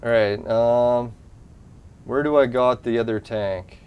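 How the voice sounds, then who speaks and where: A man's voice: medium pitch, fairly even intonation, slow pace, lo-fi sound. A man giving casual gameplay commentary as a channel host, talking to himself, cursing and getting frustrated as his team loses. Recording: game music playing clearly underneath.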